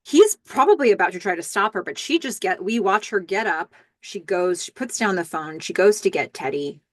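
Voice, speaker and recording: A woman's voice: mid-range voice, animated, moderate pace, no room sound. A woman hosting a podcast, recapping a TV episode in a chatty way and acting out the lines she quotes. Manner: chatty, stammers and restarts, acts out quoted lines. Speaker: podcast host. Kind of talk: TV episode recap, casual narration.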